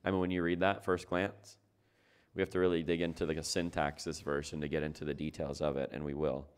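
Very deep-voiced male pastor preaching. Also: flat delivery, a little fast, smooth. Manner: conversational, asks the congregation rhetorical questions. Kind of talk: sermon.

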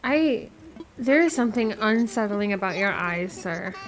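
A woman's voice: medium pitch, animated, measured pace. A young woman giving casual game commentary, blunt and dramatic, with frequent swearing. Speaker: gaming vlogger. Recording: faint music behind.

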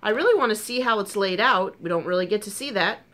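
Woman, casual crafting vlog, excitable, gushing, lots of ums, sore tongue, bright tone. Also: mid-range voice, quick pace. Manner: chatty and gushing, with frequent ums and excited asides. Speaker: crochet vlogger. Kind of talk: casual chat.

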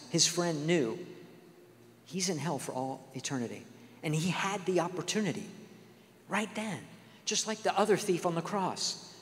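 A man preaching a sermon, telling stories earnestly and acting out the dialogue. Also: a little high. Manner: earnest storytelling, acts out quoted dialogue. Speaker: guest speaker. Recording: long hall reverb.

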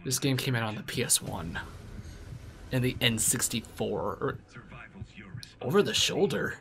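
A man reacting casually to game trailers, profane, excitable and joking. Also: medium pitch, unhurried, slight background noise. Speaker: gaming video reactor. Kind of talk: casual live reaction commentary.

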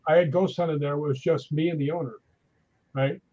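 Husky-voiced man telling ghost stories. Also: on the high side, a little fast, lo-fi sound. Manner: animated anecdotes with acted-out quotes. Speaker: guest. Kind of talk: casual storytelling chat.

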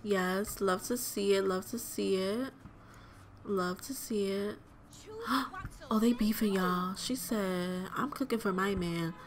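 A woman's voice: medium pitch, fairly even intonation, slow pace, a little hiss or hum. A young woman hosting a let's play, giving chatty, exclamatory gameplay commentary straight to her viewers.

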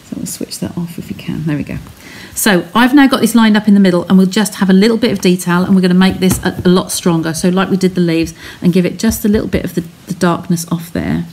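A woman's voice: on the low side, fast talker, hardly any pauses, a little mellow. A woman chatting as she talks viewers through a craft technique step by step on a live stream from her home studio. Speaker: craft demonstrator.

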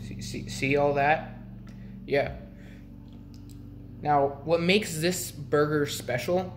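Slow, rambling young man. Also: fairly high pitch, a little hiss or hum. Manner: rambling, restarts a lot, clears throat often. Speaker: vlogger. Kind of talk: casual vlog chat.

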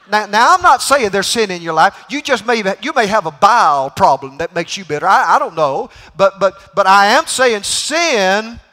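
Folksy preacher, bright voice. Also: male voice, fairly high pitch. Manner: folksy, joke-telling, swings between loud and quiet. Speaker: guest preacher. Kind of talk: sermon. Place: church sanctuary. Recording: reverberant church hall.

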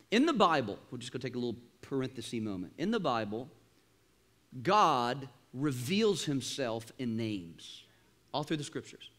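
A man preaching a sermon in a church, animated, with sudden loud bursts and quieter asides. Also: mid-range voice, moderate pace. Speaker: pastor. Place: church auditorium.

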